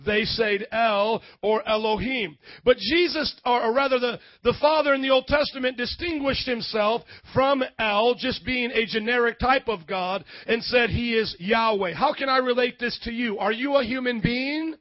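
A man preaching a sermon as pastor, energetic and calling on the congregation to respond. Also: very high-pitched, normal speed, hardly any pauses, no room sound, muffled recording.

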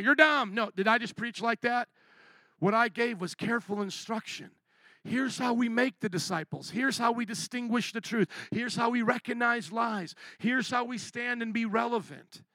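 A male pastor delivers a fervent sermon in a high voice with gravelly fry running through it. He surges to loud declarations and then sinks to quiet asides. The sound is dry and close, with no room around it. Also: dry recording. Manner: impassioned, swinging from loud to hushed.

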